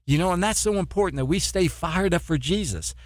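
Man, preacher, sermon, fervent, repeats words, rhetorical questions, slightly high pitch. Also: lively intonation, brisk, no echo, studio quality. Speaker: preacher and missionary.

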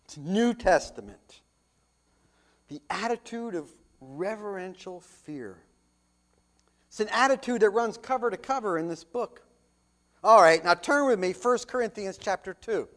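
At a moderate pace, this preacher's high, expressive voice moves through scripture readings and rhetorical questions. His sermon rises in loud, emphatic swells and falls into hushed moments.

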